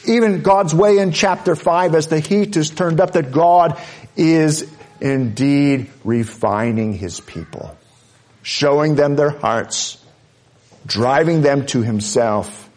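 A pastor preaching a sermon, earnest and emphatic, driving points home with repeated phrases. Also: male voice, a little high, a little mellow.

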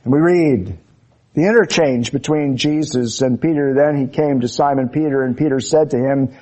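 A man preaching an expository sermon with fervent emphasis, slowing down to stress key phrases. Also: medium pitch, dark tone.

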